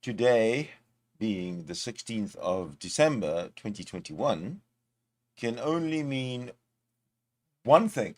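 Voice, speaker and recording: A man hosting a reaction show, giving mocking, deadpan commentary between clips. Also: medium pitch, takes it slowly, pauses often, slight background noise. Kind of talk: sarcastic commentary.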